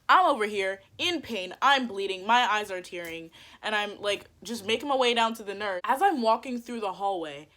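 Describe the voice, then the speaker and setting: A young woman telling a story on her vlog in casual chat, animated, saying "like" a lot and swearing freely. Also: mid-range voice, normal speed, hardly any pauses. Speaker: vlogger.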